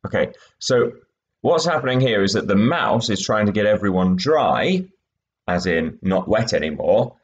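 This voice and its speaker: Lively low-voiced male teacher. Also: normal speed, muffled recording. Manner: clear, patient explaining with fillers. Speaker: English teacher. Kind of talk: recorded lesson with read-aloud extracts.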